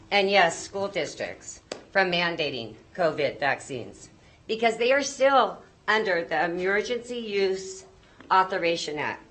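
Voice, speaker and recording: A woman's voice: lowish voice, fairly bright tone. A woman, a mother, giving a nervous, emotional public comment at a board meeting and pleading with the board.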